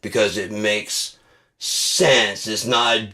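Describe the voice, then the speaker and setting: A man's voice: low voice, steady tone, moderate pace, long pauses, fairly bright tone. A man hosting his own channel, delivering a profane, heated, mocking rant. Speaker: channel host. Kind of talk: ranting monologue.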